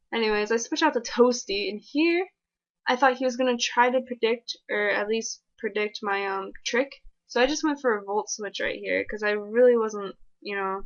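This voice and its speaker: A woman giving casual, fast and excitable commentary over her own gameplay. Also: mid-range voice, lo-fi sound.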